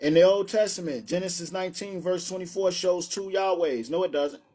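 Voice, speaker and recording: A man's voice: high-pitched, a little fast, dark tone. A man hosting a live-streamed religious debate, brash and taunting, calling challengers up and laughing at his own points. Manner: brash and taunting, calls people up.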